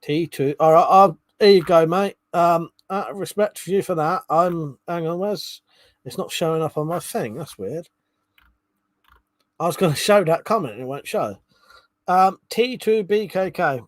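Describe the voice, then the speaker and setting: A man's voice: fairly high pitch, moderate pace, no room sound. A man hosting a casual livestream, reading viewers' comments aloud, chuckling and swearing freely. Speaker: livestream host reading chat. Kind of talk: casual chat.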